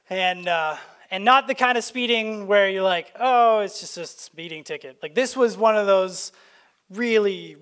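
A man's voice: high voice, a bit bright. A man from Canada preaching a sermon to his church, conversational and anecdotal, with frequent restarts. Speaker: pastor. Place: church sanctuary.

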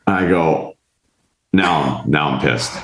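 With a rumbling low voice and a slow pace, a podcast host recounts a long tale conversationally, animatedly voicing the other people's lines and cursing freely along the way. The recording sounds roomy.

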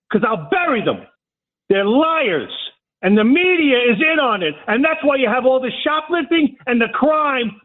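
A fed-up middle-aged man from Brooklyn, yelling his complaints into a call-in show. His voice sits very high for a man. It comes through a thin, tinny phone line. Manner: yelling, fed up, repeats accusations. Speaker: caller. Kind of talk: angry call-in rant.

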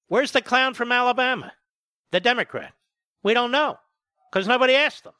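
A man hosting a political talk radio show, emphatic and indignant, firing off rapid points. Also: very high voice, bright, forceful tone, clear, resonant tone, dry recording.

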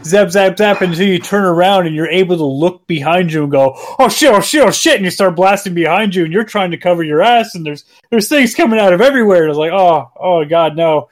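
A man co-hosting a podcast, excitable and profane, acting out scenes in casual chat. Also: high voice, quick pace, hardly any pauses. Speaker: podcast co-host.

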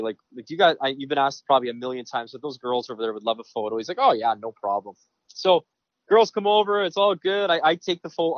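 A man, a sports broadcaster, telling lively anecdotes in a casual interview with many restarts. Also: fairly high pitch, dry recording. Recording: dry, dull lo-fi sound.

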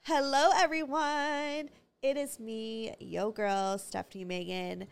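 Excitable, foul-mouthed woman podcast host. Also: a little high, takes it slowly, vocal fry, clean tone. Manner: loud, excitable, swears freely. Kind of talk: casual solo podcast chat with swearing.

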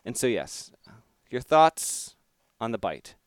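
Man with a lively, smooth voice. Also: mid-range voice, takes it slowly, no echo, studio quality. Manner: wry, joking banter. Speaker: podcast co-host. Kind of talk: casual sports talk.

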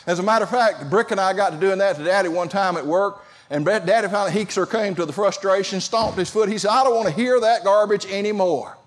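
A pastor preaching a sermon, talking conversationally and calling out to the congregation. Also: male voice, high-pitched, fast talker, hardly any pauses. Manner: conversational preaching with audience call-outs.

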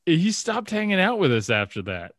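A man's voice: sits high, wildly swooping pitch, normal speed, a bit bright, no room sound, clean studio sound. A man co-hosting a sports podcast, chatting casually and rambling through stories with lots of fillers and restarts. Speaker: podcast co-host.

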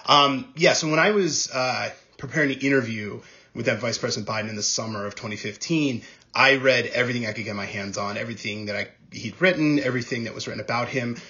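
A man speaking as a guest on an interview podcast, answering in a measured, thoughtful way with frequent ums and uhs. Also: mid-range voice, bright, forceful tone, muffled recording. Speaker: podcast guest, former speechwriter. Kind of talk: conversational interview.

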